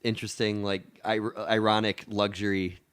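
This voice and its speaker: A man's voice: on the low side, little pitch movement, moderate pace, a bit bright, clear, resonant tone. A young man from Texas, a musician guest on a podcast, chatting casually in a rambling, hesitant way with lots of fillers. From Austin, Texas. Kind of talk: casual chat.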